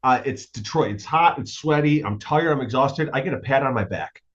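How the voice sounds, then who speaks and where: A man guest co-hosting a podcast in casual chat, telling stories excitedly with plenty of swearing. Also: mid-range voice, normal speed, muffled recording. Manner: excitable, swearing, lively storytelling. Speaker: guest co-host.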